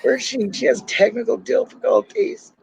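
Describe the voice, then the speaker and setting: A man with a Minnesotan accent in casual podcast chat, chatty, talking fast and laughing often. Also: very high voice, creaky, darkish tone, husky, poor audio. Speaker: podcast co-host.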